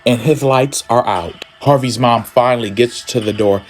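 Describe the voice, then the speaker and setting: Man, casual comic book recap, campy and sassy, cussing asides, average pitch, faint music behind. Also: moderate pace. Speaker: storyteller.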